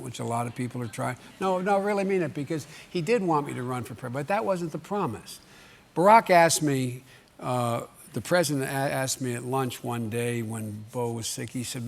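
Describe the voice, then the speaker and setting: An older man as a talk show guest, speaking haltingly with many fillers and restarts. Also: medium pitch, vocal fry, a little hiss or hum.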